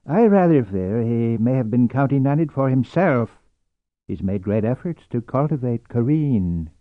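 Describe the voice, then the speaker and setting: A man's voice: medium pitch, animated, a little slow, dry recording, phone-quality sound, lightly acted. A man voicing a grumbling, growling old count in an audiobook.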